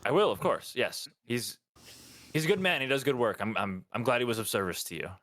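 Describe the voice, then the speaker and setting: A man's voice: mid-range voice, expressive, brisk, fairly bright tone, no echo, studio quality, lightly acted. A man voicing a courteous, dignified town leader in a tabletop game, speaking formally and graciously.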